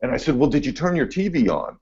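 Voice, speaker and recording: A man's voice: medium pitch, fast, slightly rough. Laid-back male meteorologist guest, chatty storyteller, slightly dull lo-fi sound. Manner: laid-back, animated when telling stories. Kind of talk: casual podcast storytelling. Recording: dull lo-fi audio.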